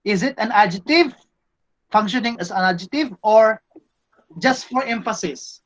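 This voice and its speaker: A man's voice: high voice, moderate pace, a bit bright, low-quality recording. A man teaching a Greek grammar class, repeating words and checking in with "no?" and "okay?". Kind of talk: classroom lesson.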